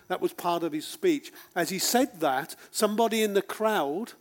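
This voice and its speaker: A man preaching a sermon to a congregation, emphatic, with dramatic pauses and rhetorical questions. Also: high voice. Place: speaking to a congregation.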